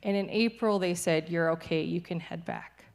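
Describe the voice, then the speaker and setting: A woman's voice: on the low side, moderate pace. A young adult woman, a missionary, giving a cheerful church testimony and laughing easily through hard news. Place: church sanctuary.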